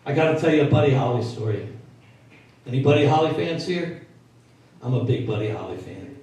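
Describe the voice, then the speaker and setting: A man in his sixties, an oldies singer and entertainer, telling animated, folksy stories to a live audience at a performance venue. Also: medium pitch, brisk, pauses often. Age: 60s. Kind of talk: stage storytelling to a live audience. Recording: echoey hall, mic from far off.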